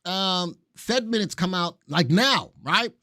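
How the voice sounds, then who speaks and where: A man hosting a live market stream, talking casually and reading viewer comments aloud. His voice sits fairly high and jumps around a lot. The sound is dry and close. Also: expressive, slow, sharp tone, dry recording. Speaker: market show co-host.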